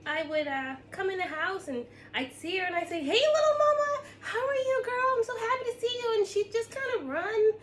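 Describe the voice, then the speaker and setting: A woman playing a sweet, doting lady with a high-pitched voice who fussed over a dog. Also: expressive, fairly quick, hardly any pauses, fairly bright tone, slight background noise.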